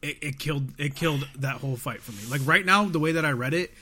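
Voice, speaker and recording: A man's voice: a little high, quick pace, sharp tone. A young man casually recapping anime episodes, rambling, swearing and acting out lines of dialogue. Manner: rambling storyteller, swears freely, acts out quotes. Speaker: podcast co-host recapping an anime. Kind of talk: casual chat.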